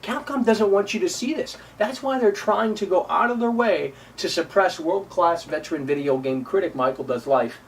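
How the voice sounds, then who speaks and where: A man rants on a live stream, slightly high-voiced and repetitive, with sarcastic whiny imitations of his critics. He sits some way from the mic. Faint noise hums underneath. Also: moderate pace, hardly any pauses, recorded from a distance, rough recording. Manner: repetitive, combative. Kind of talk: ranting live stream commentary.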